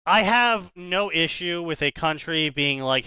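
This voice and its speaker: Bright, crisp-voiced man ranting. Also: a little high, animated, measured pace, few pauses, dry recording. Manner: ranting, profane, repeats words when starting. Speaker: podcast co-host. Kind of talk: casual banter.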